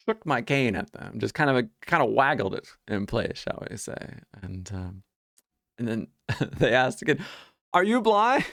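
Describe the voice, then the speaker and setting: A man with a gravelly, fry-tinged voice tells everyday stories in a relaxed vlog monologue. He sounds wry and amused, stumbling over and repeating words as he talks. The sound is dry and close, with no room around it. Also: mid-range voice, dry recording. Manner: chatty, many restarts and repeated words. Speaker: vlogger sharing life stories. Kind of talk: casual storytelling monologue.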